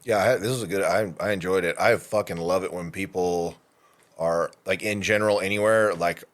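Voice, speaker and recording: A man's voice: sits low, steady tone, normal speed. A man co-hosting a podcast, laid-back and swearing casually in conversation. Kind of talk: casual chat.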